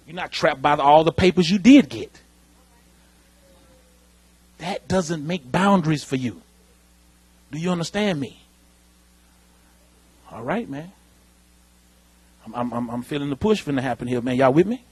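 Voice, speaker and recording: High-voiced husky preacher man. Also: unhurried, pauses often, no room sound. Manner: animated preaching, calls out to the congregation. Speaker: pastor. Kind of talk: sermon. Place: church sanctuary.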